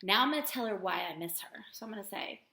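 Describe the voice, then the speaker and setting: A woman teaching young children to write a letter, talking slowly and stretching out sounds. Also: mid-range voice, expressive, creaky, sharp tone, echoey room, a little hiss or hum. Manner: slow, sing-song teacher voice that stretches out sounds. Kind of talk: remote writing lesson for young children.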